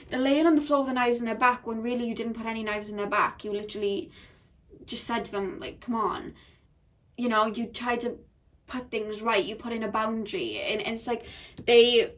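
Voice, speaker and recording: A woman giving a casual pick-a-card tarot reading, chatty and full of fillers, often breaking into laughter. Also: on the high side.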